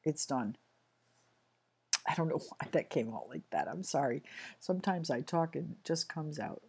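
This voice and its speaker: A woman giving a casual tarot reading to viewers, talking in a chatty, halting way with frequent restarts and apologies. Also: low-pitched, sing-song, creaky, a little mellow, a little hiss or hum. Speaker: tarot reader.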